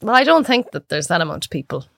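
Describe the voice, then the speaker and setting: An Irish woman chatting as a podcast guest, telling lively stories and acting out her own reactions. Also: lowish voice, quick pace, vocal fry, no echo, clean studio sound. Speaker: guest cook. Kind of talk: casual chat.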